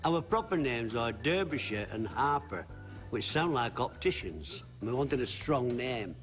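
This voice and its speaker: A man's voice: mid-range voice, big pitch swings, a little slow, faint music behind. A man reminiscing chattily, acting out old conversations. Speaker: comedian. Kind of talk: reminiscing interview.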